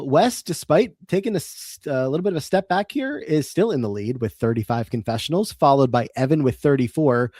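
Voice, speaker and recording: A man's voice: mid-range voice, no room sound. Rambling male podcast co-host, dry sound. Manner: relaxed, rambling with many fillers. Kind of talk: casual podcast recap chat.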